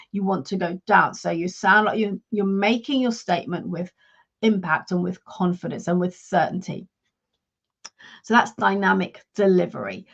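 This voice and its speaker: A woman working as a leadership and career coach, giving a measured, instructive talk straight to her live viewers. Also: mid-range voice, lo-fi sound.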